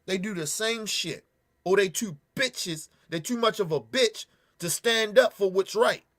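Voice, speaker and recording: Reacting to a news clip, a man hosting a show delivers heated commentary full of angry, profane ranting, occasionally sniffling. His voice sits high and fairly bright, and he speaks a little slowly.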